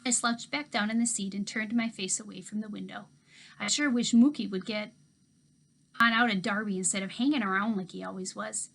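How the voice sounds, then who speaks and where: A woman teacher reading a children's novel aloud in expressive first-person storytelling. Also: medium pitch, brisk.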